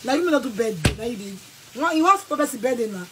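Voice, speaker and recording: A woman with a Nigerian accent, ranting angrily and scolding someone in bursts of shouting and threats. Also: a little high, expressive, rapid-fire, very noisy. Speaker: vlogger. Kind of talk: angry rant to camera.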